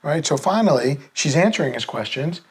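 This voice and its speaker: A man's voice: on the high side, animated, fairly quick, breathy edge. A man teaching a sales lesson through a casual story, acting out the people he quotes. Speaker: sales trainer.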